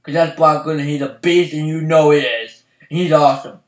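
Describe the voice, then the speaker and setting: A young man ranting as a fan vlogger, swinging from loud outbursts to low mumbling. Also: fairly quick, recorded from a distance. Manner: excitable, swings from shouting to mumbling. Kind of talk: heated ranting. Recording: echoey room, voice off-mic.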